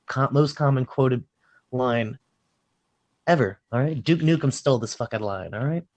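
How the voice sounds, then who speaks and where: A man in an everyday middle-pitched voice, recapping a movie for a podcast co-host. He tells it in an animated, profane way and keeps jumping into acted-out lines from the film. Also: moderate pace, dull audio. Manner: animated storytelling, swearing, acting out lines. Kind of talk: casual chat.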